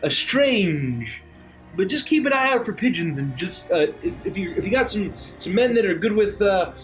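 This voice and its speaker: Very high, lively male player, teasing and playful, faint music behind. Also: low-quality recording. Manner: playful, teasing, quick to laugh.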